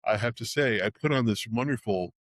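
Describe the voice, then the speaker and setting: A middle-aged man from the Bay Area who plays Santa, telling stories in a casual fireside chat, halting and emotional, with many restarts. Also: medium pitch, no room sound. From Bay Area, California. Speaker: Santa performer, host.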